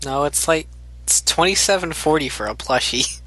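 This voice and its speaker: A man's voice: on the high side, lively intonation, moderate pace, sharp tone, rough recording. A young man chatting on a podcast, mostly giving short replies and laughing along. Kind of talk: casual chat.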